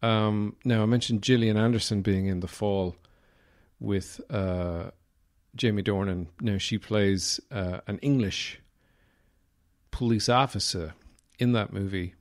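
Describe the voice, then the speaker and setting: A man's voice: on the low side, steady tone, measured pace. A man with an Irish accent hosting a podcast, talking casually and rambling, with fillers and swearing. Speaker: podcast host. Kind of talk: casual chat.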